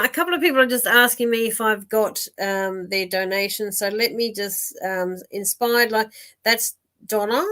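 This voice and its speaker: A woman's voice: medium pitch, a little slow. Chatty woman live-streaming. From Australia. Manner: chatty, warm-hearted, laughs often, many fillers and restarts. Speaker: psychic medium host of a live stream.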